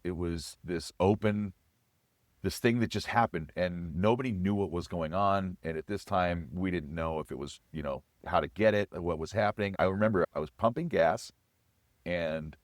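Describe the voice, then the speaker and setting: A man's voice: low voice, dry recording, studio quality. A man in his forties sharing his recovery and faith story as an interview guest, earnest and reflective. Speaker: guest, chef. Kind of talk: personal testimony in an interview.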